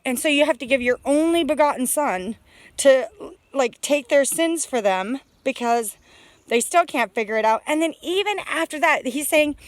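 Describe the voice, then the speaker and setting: A woman's voice: high voice, dry recording. Emotional rambling woman, dry close sound. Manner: rambling, heartfelt, many fillers and restarts. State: emotional, near tears. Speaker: homesteader vlogger. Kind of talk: emotional personal vlog monologue. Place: outdoors on a homestead.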